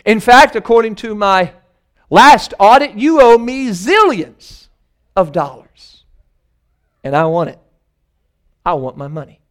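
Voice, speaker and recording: A firm, deliberate king in a sermon's parable, measured and unhurried, as a man puts him on. The voice is high and smooth. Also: animated. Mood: demanding. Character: stern king demanding his money back.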